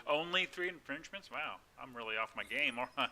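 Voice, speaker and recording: A man's voice: mid-range voice, lively intonation, moderate pace, bright, forceful tone, faint music behind. A man chatting casually and laughing often while live-streaming a game.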